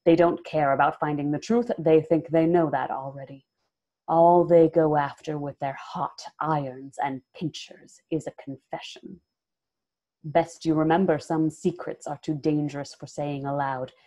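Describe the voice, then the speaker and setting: A woman voicing a wary old male minstrel who speaks scornfully, at times ominously soft. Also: deep voice, fairly even intonation, measured pace.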